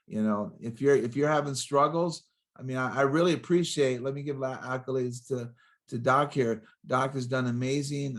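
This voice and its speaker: An excitable older man in his sixties talks as a motivational speaker, his voice sitting in an ordinary middle pitch. He rattles off rhyming catchphrases and punchy lines, hopping from one story to the next in a lively podcast chat. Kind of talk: energetic podcast interview.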